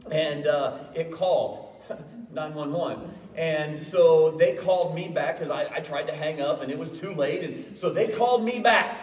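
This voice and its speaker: A pastor with a somewhat high voice delivers a sermon a little slowly, telling stories with self-deprecating humor and often stammering and restarting. He sounds distant in an echoey church hall.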